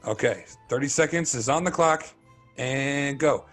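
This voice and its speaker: A man hosting a casual podcast quiz game, firing off quick questions and laughing often. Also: mid-range voice, a bit bright, faint music behind.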